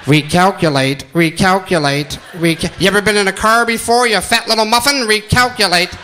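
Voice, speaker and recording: A man voicing a GPS navigation system that repeats flat commands and then turns to insults. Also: sits high, moderate pace, slight background noise, pitched below the performer's own voice. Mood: nagging.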